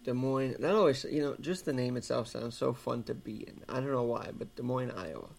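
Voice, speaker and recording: Male co-host, heavy vocal fry, earnest opinion talk. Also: medium pitch, a little fast, a little mellow. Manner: earnest, opinionated, building an argument. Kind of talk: casual political talk show chat.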